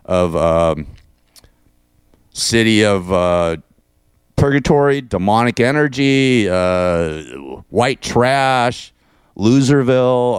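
A man's voice: fairly low pitch, clean tone, no echo, clean studio sound. A middle-aged man hosting a radio show, ranting sarcastically and rambling between laughs.

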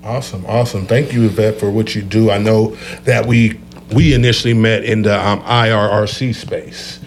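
A man's voice: lowish voice, steady tone, moderate pace, soft background music. A man hosting a casual interview, affirming his guests and steering the talk. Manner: affirming, says "I hear you" often. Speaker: host.

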